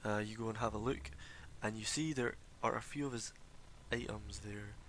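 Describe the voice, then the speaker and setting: Guy dm-ing a tabletop game, bright voice, casual, lots of ums, faint hiss. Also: lowish voice, fairly even intonation, normal speed. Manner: casual, swearing, hesitant fillers. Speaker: dungeon master. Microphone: streaming desk mic.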